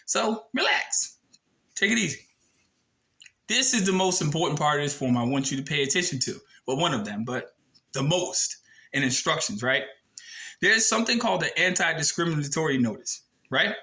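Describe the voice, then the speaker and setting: A man's voice: on the high side, animated, normal speed, sharp tone, poor audio. A man casually explaining a form and reading it aloud, talking bluntly with emphatic rhetorical questions and some swearing. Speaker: video presenter.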